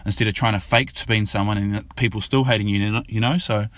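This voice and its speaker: A man's voice: lowish voice, steady tone, a little fast, no echo. A man, a father casually telling a fable and its lesson in a loose, rambling way. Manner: rambling, repeats himself, loose and informal. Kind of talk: casual spoken storytelling.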